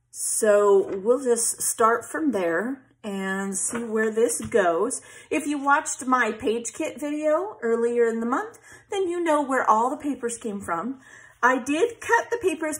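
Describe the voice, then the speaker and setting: A woman's voice: fairly high pitch, fairly bright tone, rough recording. A woman chatting casually through a scrapbooking tutorial, thinking aloud with fillers and poking fun at herself. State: hiccups. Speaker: scrapbooking vlogger. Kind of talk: casual craft tutorial chat.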